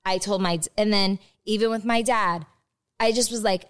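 Candid, laughing woman with a smooth voice. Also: mid-range voice, steady tone, normal speed. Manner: candid, swears freely, laughs often. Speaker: podcast guest. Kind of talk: casual chat.

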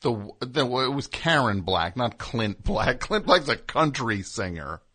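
An unhurried male radio host, speaking slowly in a dry, deadpan manner with a lively, rising and falling pitch. He corrects and needles his guest with calm patience. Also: breathy edge. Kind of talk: comedic radio banter.

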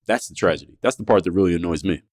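A man rants quickly through a podcast monologue. He is blunt and profane, and he keeps firing rhetorical questions at his listeners. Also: low-pitched. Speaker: podcast host.

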